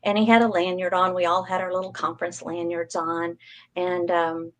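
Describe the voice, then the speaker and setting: A woman's voice: lowish voice, level tone, moderate pace, rough recording. A woman, a guest in an interview, telling a personal story in a chatty way with frequent ums and light laughs. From Texas coast, USA. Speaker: interview guest, psychic medium.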